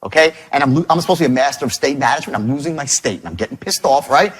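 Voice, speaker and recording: A man telling a story as a sales trainer in a motivational seminar, talking in an animated, profane way with lots of emphatic repetition. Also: mid-range voice, rapid-fire, breathy edge.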